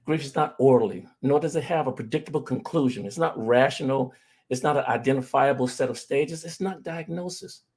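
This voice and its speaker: A middle-aged man with a husky voice gives an earnest talk on grief. He speaks straight to his audience and weaves in personal stories. His pitch sits in a plain middle range. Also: a little fast, darkish tone. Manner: earnest storytelling, addresses audience directly. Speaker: grief recovery specialist.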